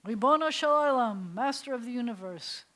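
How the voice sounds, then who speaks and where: A woman's voice: on the high side, animated, moderate pace, a bit bright, voice pushed up. A woman quoting a frail, joyful ninety-five-year-old male rabbi, with a light try at his thick accent. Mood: fond.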